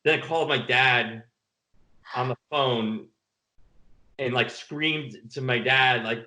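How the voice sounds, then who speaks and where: A man's voice: medium pitch, slow, pauses often, sharp tone, rough recording. A man telling stories in a casual interview, rambling and laughing often. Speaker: film director guest. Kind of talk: casual video-call interview.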